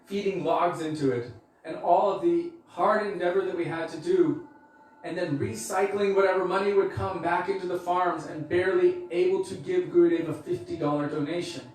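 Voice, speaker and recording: A man's voice: high voice, steady tone, moderate pace, darkish tone, a little hiss or hum. Brief: male preacher, casual storytelling delivery, distant mic, big hall echo. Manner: casual, conversational, with frequent fillers. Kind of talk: storytelling talk. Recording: echoey hall, mic far off.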